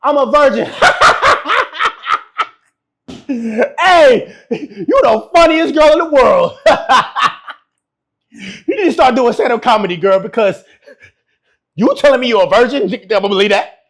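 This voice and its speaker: A man's voice: very high-pitched, expressive, unhurried, pauses often. A man giving brash, mocking reaction commentary. He laughs often and keeps repeating his insults. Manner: laughs often while talking. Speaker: YouTube relationship commentator.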